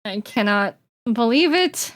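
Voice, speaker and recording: A woman's voice: a little high, animated, a little slow. A woman streaming gameplay, reacting with dramatic yelps and groans of frustration. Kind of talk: live gameplay commentary. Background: faint game music.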